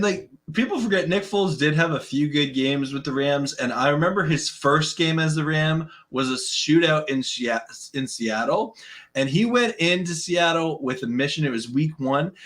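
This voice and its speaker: A man co-hosting a casual live-streamed sports chat, telling stories from memory in a relaxed, conversational way. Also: on the high side. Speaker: podcast co-host.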